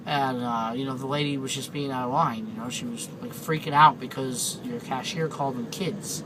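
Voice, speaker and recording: A man's voice: medium pitch, steady tone, a little fast, hardly any pauses, noisy background. A man, a truck driver, telling a story in a casual vlog, rambling and chatty with lots of fillers and restarts.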